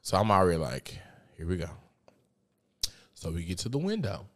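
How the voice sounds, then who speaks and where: A man with a fairly low voice hosts a casual podcast and tells a family story. His delivery is animated and profane, and loud laughs break through. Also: moderate pace. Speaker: podcast host.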